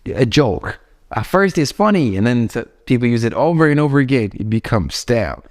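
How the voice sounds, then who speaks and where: A young man with an Ethiopian accent teaches English in a loose, rambling way and keeps turning to his viewers with questions. His voice sits at a mid pitch, and he speaks English as a second language. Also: sing-song, a little fast. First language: not English. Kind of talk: casual spoken lesson.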